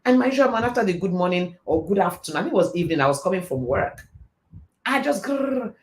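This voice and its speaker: A middle-aged man hosting a live stream and giving a motivational faith talk, telling stories in a fast, animated way. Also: high-pitched. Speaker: host.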